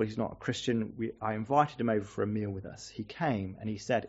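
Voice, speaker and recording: A man's voice: on the low side, fairly quick, hardly any pauses, slightly rough, lo-fi sound. Man preaching with earnest rhetorical questions. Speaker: visiting pastor. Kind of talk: sermon.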